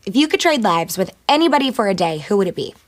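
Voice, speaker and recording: A woman interviewer asking a run of rapid-fire questions in an upbeat, brisk way. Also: medium pitch, big pitch swings.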